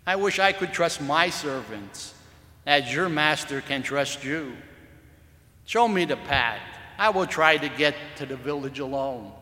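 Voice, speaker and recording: A man's voice: fairly high pitch, expressive, measured pace, pushed and bright, echoey room, in a large hall. A man voicing a persuasive hunter who is a prince, coaxing and assured, in a storybook reading. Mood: gracious.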